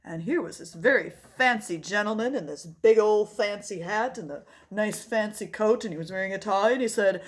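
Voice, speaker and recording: A woman telling a children's story, animated and prompting listeners to act along. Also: medium pitch, moderate pace, few pauses. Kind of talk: interactive storytime narration.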